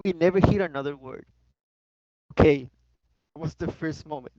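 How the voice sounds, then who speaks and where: A man chatting on a podcast as a guest, telling a story with lots of swearing and high-pitched bits for quoted people. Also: normal speed, no room sound. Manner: animated, profane, jumps into high voices for quoted people. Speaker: guest co-host. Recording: dull, dry lo-fi recording.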